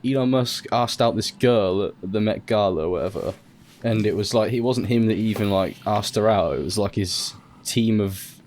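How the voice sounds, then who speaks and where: A man's voice: on the low side, moderate pace, darkish tone, slight background noise. A man from England with a Northamptonshire accent, co-hosting a casual podcast chat, joking and often laughing. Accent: Northamptonshire English. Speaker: podcast co-host.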